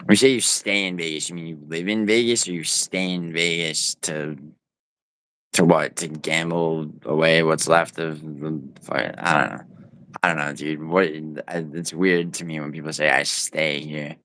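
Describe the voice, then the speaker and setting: A man's voice: very deep voice, steady tone, moderate pace, a bit bright. A man livestreaming from home, rambling and teasing his viewers in profane, casual banter as he reads the chat. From United States.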